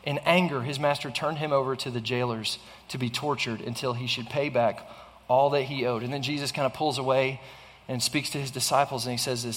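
A man's voice: mid-range voice, fairly even intonation, brisk, a bit bright, long reverb tail. A man preaching a sermon in an earnest way, often restarting phrases and asking the listeners rhetorical questions. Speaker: pastor.

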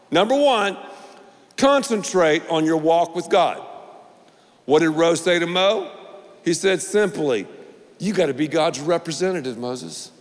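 A man's voice: high voice, long reverb tail. A male pastor preaching a sermon, emphatic and repetitive, with playful asides.

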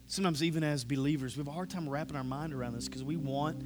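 A man preaching a sermon with passion, dropping to a hush and then rising to loud, drawn-out emphasis. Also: fairly high pitch. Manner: impassioned preaching, swinging from hushed to loud and drawn out. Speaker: pastor. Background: loud soft instrumental music.

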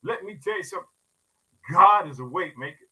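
A man's voice: high voice, animated, brisk, breathy edge, low-quality recording. A man preaching a sermon, reading psalm verses aloud and turning to his listeners with repeated asides and informal talk. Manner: repeats "let me tell you something", swings from soft asides to loud scripture reading; calls listeners "family", informal everyday grammar.

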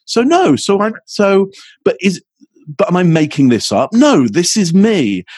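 Husky, animated male expert guest. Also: unhurried, no echo. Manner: energetic, acts out quoted exchanges with rising pitch. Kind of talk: animated interview answer.

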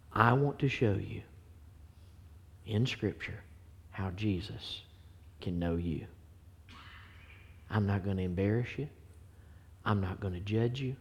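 A man preaching in a church, pleading earnestly in his altar call and dropping to hushed whispers between louder appeals. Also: on the low side. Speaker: pastor. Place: church sanctuary. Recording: faint piano music behind.

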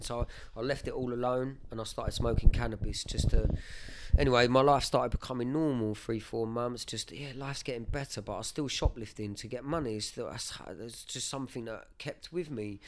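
Man, 30s, podcast guest; low, even-toned voice; heartfelt, halting testimony. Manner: earnest, emotional, halting with many fillers. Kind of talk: personal testimony, casual chat.

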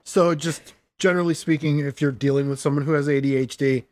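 A man in a casual chat, relaxed as he sums up the point for listeners. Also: on the high side, a little fast.

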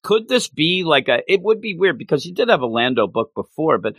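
A man co-hosting a casual chat, animated, laughing often, and trailing off and restarting his sentences. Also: a little high, fairly quick, no room sound.

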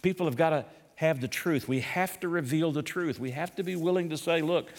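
A man's voice: a little high, fairly quick. Older guy preaching a teaching sermon, chatty, keeps repeating himself, long hall echo. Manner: conversational, repeats himself, asks the audience questions. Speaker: pastor.

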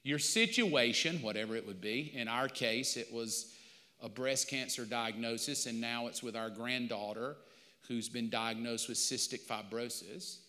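Middle-aged pastor guy preaching, super bright punchy voice, big church echo. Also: mid-range voice, measured pace. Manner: animated storytelling, acting out both sides. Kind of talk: sermon. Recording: long church reverb.

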